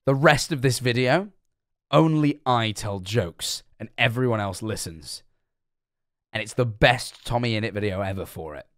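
Swearing, rambling young streamer, dry mic. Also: male voice, mid-range voice, normal speed, a bit bright, no room sound. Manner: rambling, swears, explains his own jokes. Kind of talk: live-stream reaction commentary.

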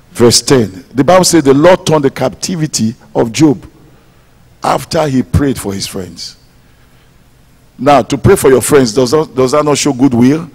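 Husky preacher in a big hall. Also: male voice, a little mellow. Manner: emphatic, rising to declamation then dropping low. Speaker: pastor. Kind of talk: sermon.

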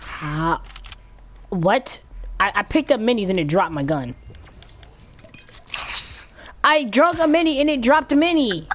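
A woman chatting casually while gaming with a friend, stammering and breaking into sudden shouts. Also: a little high, unhurried, pauses often. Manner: stammering, excitable, shouty outbursts. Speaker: gamer streaming with a friend. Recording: faint background noise.

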